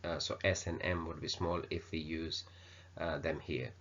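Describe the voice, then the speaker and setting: A man teaching an English grammar lesson, explaining slowly with many ums and uhs. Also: very deep voice, fairly even intonation, a bit bright, husky. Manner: unhurried explaining with many fillers. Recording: dull lo-fi recording.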